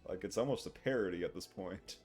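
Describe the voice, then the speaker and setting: A man's voice: low-pitched, brisk, darkish tone, faint music behind. A male streamer giving casual, rambling gaming commentary into a desk microphone, laughing often.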